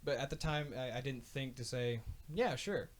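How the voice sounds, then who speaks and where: A man's voice: mid-range voice, fairly even intonation. A man co-hosting a casual podcast, talking bluntly about an old job and swearing freely. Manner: blunt, swears freely, chimes in with quick agreement. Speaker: podcast co-host. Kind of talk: casual chat.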